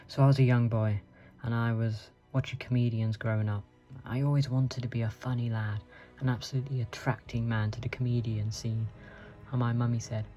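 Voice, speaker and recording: Mock-boastful man, mellow voice. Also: mid-range voice, fairly quick. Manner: mock-boastful, deadpan absurd. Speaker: channel host. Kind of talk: comedic storytelling. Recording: dull lo-fi with faint music.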